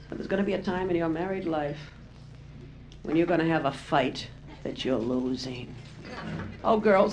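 A woman's voice: mid-range voice, noisy background. A middle-aged woman doing a brassy, teasing stand-up routine, chatting with her audience. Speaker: stand-up comedian. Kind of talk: live bawdy stand-up routine. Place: nightclub stage with a laughing crowd. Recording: roomy live club recording, audience laughter.

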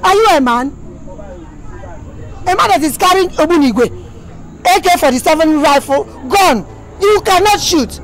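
A woman's voice: extremely high pitch, lively intonation, a little slow, pauses often, some chatter behind. A fiery Nigerian mother. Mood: mocking. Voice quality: loud, scolding, repetitive shouting. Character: bossy, fiery Nigerian mother, middle-aged. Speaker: mother in a film. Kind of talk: film dialogue.

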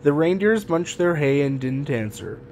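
A man reading a children's picture book aloud in a gentle, even storytelling manner. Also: fairly high pitch, moderate pace, slight background noise. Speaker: storybook reader.

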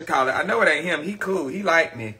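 Fairly quick and forceful, a man with a slightly high, bright voice and lively intonation hosts a live stream, casually chatting with viewers while profanely gossiping and ranting about what frustrates him. A phone or webcam picks him up.

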